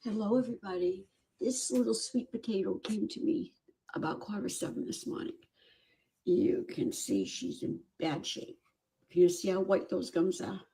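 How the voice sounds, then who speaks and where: A woman animal rescuer giving video updates on a sick kitten, animated and cooing at it in baby talk, recorded indoors on a phone. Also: mid-range voice, moderate pace, slightly rough.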